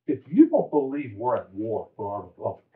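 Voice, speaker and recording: A man's voice: mid-range voice, huge pitch swings, a little fast, distant mic. Angry man in a tinny leaked recording. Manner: fiery, emphatic, rising to anger. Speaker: state legislator. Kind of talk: impassioned speech in closed meeting. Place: closed-door meeting room.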